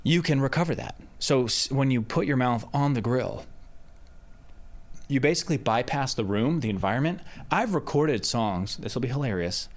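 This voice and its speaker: Lively man teaching in a dead studio. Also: medium pitch, moderate pace. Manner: explains step by step, with loud sung test shouts. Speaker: music producer teaching recording. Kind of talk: casual tutorial demonstration. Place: treated home studio with curtains and rock wool. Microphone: handheld dynamic mic about a foot away.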